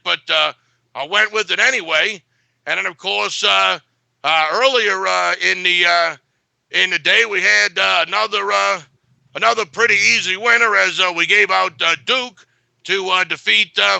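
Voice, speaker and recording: A man's voice: sits high, vocal fry, pushed and bright, dry recording. A man giving a sports betting pick in a blunt, boastful way, full of filler uhs.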